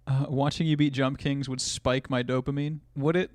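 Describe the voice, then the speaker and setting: A man's voice: medium pitch, flat delivery, normal speed, dry recording. A man streaming live, reacting to videos with crude, joking commentary and reading chat aloud.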